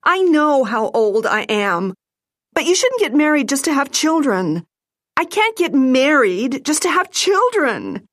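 A woman's voice: high voice, very animated, unhurried, dry recording, studio quality, voice pushed up. A woman voicing a tearful, pleading bride in her thirties. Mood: protesting.

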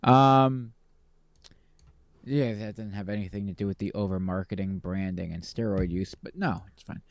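A man's voice: lowish voice, moderate pace, no room sound, studio quality. A man co-hosting a podcast in casual chat, rambling with lots of ums and playful sarcasm. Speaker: podcast co-host.

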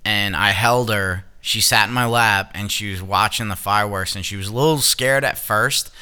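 A young man co-hosting a podcast, talking in a loose, rambling way with plenty of swearing. His voice is fairly low but very bright and clean. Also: normal speed, smooth. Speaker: podcast co-host. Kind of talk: casual chat.

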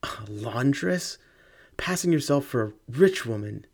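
A man's voice: medium pitch, animated, unhurried, vocal fry, breathy edge, exaggerated voice. Man doing a cold, scornful young suitor. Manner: cold, contemptuous. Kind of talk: audiobook reading.

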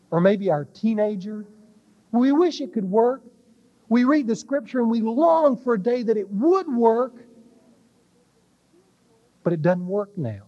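A man preaching a sermon, slow and weighty, dropping to a hush on key words. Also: sits high, highs cut off. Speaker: pastor.

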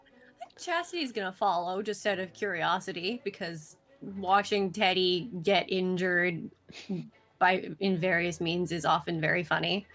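A woman's voice: lowish voice, measured pace, fairly bright tone. A woman playing a tabletop game, talking casually with light amusement. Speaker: player. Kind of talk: tabletop role-play.

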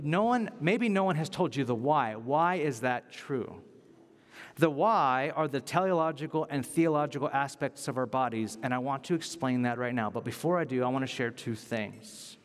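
A male preacher with a slightly high voice delivers a conversational yet emphatic sermon, repeating his key points, with the long reverb of a large hall around him.

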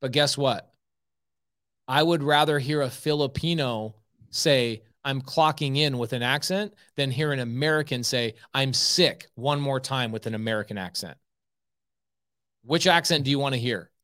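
A man's voice: mid-range voice, normal speed, fairly bright tone. A man hosting a live podcast as a real estate coach, speaking bluntly and repeating his points for emphasis. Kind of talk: casual live podcast talk.

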